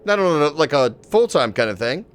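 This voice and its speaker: A man chatting casually on a live stream, excitable and swearing, shouting out viewers in chat. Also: a little high, brisk, smooth. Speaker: livestreamer.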